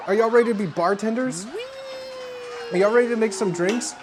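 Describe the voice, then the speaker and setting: A tipsy livestreamer chatting casually with viewers from home, breaking into loud excited yelps and shouts. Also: medium pitch, a little fast, pauses often, slight background noise. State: tipsy from drinking. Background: music playing.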